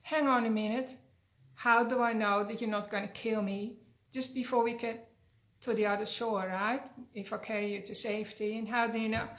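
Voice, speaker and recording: A woman's voice: fairly high pitch, steady tone, moderate pace, fairly bright tone, close to an everyday voice. A woman voicing a wary male frog in a fable, asking doubtful questions. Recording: roomy echo.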